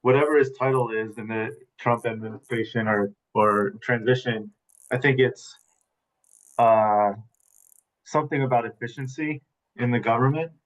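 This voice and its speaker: A man's voice: mid-range voice, normal speed, poor audio. A man speaking as a webinar panelist over a video call, casual and loose, trailing off into hedges and asides.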